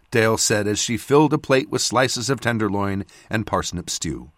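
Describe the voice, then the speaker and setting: A man narrating a fantasy audiobook in the first person with expressive storytelling. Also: on the low side, moderate pace, hardly any pauses, no room sound, studio quality.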